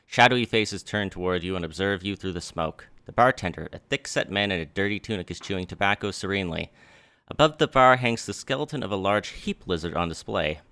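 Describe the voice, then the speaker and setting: A man's voice: low voice, fairly quick, pushed and bright, clean tone. A male streamer reading game text aloud in a casual way, with swearing asides.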